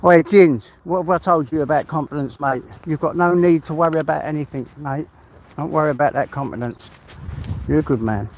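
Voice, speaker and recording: A man's voice: fairly high pitch, fairly quick, slight background noise. A man chatting casually on a live stream while out walking, swearing freely and laughing often. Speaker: livestream host. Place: outdoors on a walk.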